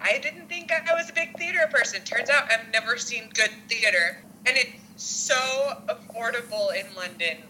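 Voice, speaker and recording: A woman's voice: fairly high pitch, normal speed, pushed and bright, a little hiss or hum, low-quality recording. A woman student giving enthusiastic travel advice. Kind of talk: casual interview advice.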